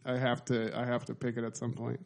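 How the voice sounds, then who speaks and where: A man co-hosting a podcast in casual chat, relaxed and swearing casually as he describes comedy scenes in detail. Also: medium pitch, brisk, vocal fry. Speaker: podcast co-host.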